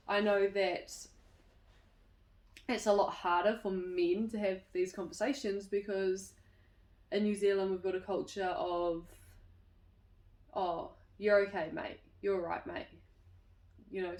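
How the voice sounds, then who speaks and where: A woman speaks candidly to her audience as the host of a community chat series, laughing often and restarting her thoughts as she goes. Her voice sits at a middle pitch. The room around her is echoey. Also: a little mellow. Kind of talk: personal reflective talk to camera.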